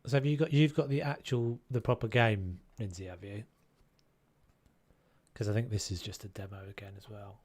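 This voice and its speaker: A man's voice: fairly low pitch, fairly even intonation, moderate pace, a little mellow. A man casually chatting and musing aloud while live-streaming a game, now and then humming tunes.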